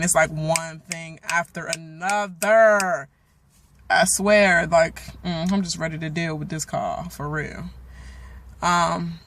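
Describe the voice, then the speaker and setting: A man, giving a profane, animated recap of a reality show episode while still angry. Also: on the high side, a little hiss or hum. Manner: animated, swearing, trails off into asides. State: angry and worked up. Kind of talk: casual profane recap rant.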